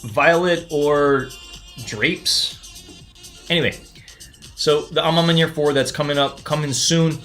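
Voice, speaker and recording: Excitable man hosting a sneaker livestream. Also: on the high side. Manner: excitable, chatty, frequent restarts and stammers. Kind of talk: casual live unboxing commentary.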